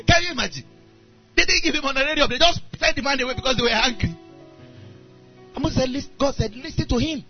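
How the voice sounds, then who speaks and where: This preacher's sermon story comes alive as he voices its characters, his high-pitched delivery rising and falling dramatically. His pace is a little fast, broken by long pauses, over a dull, lo-fi recording with soft background music.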